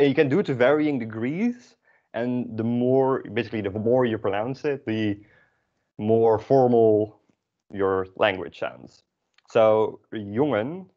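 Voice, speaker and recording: A man runs a relaxed beginner language class, explaining at an easy pace with plenty of ums and asides. His voice sits a bit low. The recording sounds dull and lo-fi. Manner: relaxed, chatty, explains with many fillers. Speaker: Dutch language teacher. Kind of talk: casual classroom lesson.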